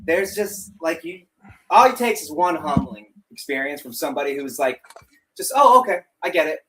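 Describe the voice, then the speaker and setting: A man co-hosting a podcast in casual chat, telling animated stories, swearing freely and laughing through them on a studio mic. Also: fairly high pitch, moderate pace, a little hiss or hum. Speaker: podcast co-host.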